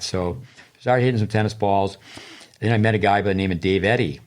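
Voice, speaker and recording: A man's voice: lowish voice, brisk. An older man, a tennis coach and podcast co-host, telling long digressive stories in casual chat, with many restarts.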